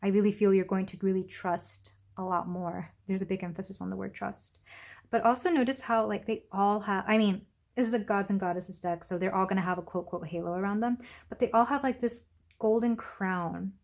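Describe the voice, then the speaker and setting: A young woman giving a casual pick-a-card tarot reading, gentle and chatty with frequent ums and asides. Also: medium pitch, a little fast, creaky. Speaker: tarot reader.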